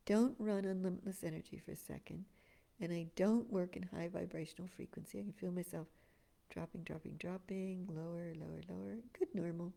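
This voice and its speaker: A woman spiritual teacher giving an expressive energy-work talk to an online group, dropping to a breathy whisper in places. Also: mid-range voice.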